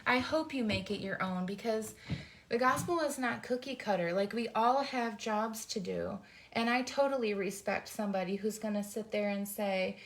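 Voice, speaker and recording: A woman's voice: mid-range voice, moderate pace. Earnest woman in her forties, heartfelt. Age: 40s. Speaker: host. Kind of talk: casual faith talk.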